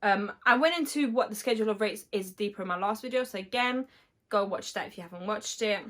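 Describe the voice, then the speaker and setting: A woman electrician with a medium-pitched, slightly hoarse, somewhat bright voice explains her trade step by step in a casual vlog. She talks fast and uses many fillers.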